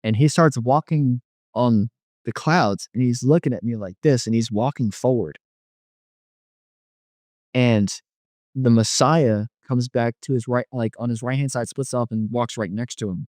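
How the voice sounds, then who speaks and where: A man's voice: medium pitch, measured pace, darkish tone, no room sound, studio quality. A young man telling his personal faith testimony in an earnest, rambling way, with many restarts.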